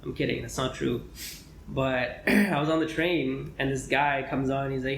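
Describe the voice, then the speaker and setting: A man's voice: mid-range voice, normal speed, fairly bright tone. Rambling young man in an echoey room. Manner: chatty, rambling, frequent throat clearing and fillers. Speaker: medical student podcast co-host. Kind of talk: casual chat. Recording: echoey room with faint noise.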